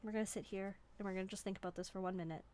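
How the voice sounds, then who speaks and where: A woman's voice: medium pitch, steady tone, racing, darkish tone. A woman from Canada hosting a live stream, chatting in a rambling, playful, self-mocking way from a desk indoors. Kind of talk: casual live-stream chat.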